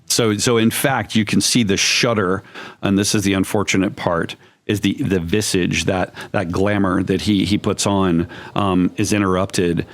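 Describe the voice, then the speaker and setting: Halting low-voiced male game master. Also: fairly even intonation. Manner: halting, filler-heavy, vividly descriptive. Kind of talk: narrating a horror tabletop game.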